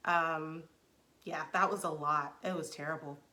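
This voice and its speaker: Woman reviewer, bright tone, chatty recap delivery with frequent fillers. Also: low voice, unhurried. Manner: chatty and expressive, with frequent "like" and "um" and vivid reactions. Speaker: TV show reviewer, channel host. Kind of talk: casual spoken recap and review.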